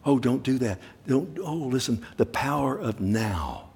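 A man preaching a sermon, animated, swinging from loud urgent bursts to quiet low asides. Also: unhurried, gravelly, slightly rough.

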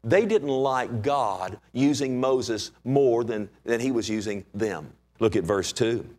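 A man preaching a sermon as pastor, animated and conversational, with many rhetorical questions. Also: mid-range voice, slow.

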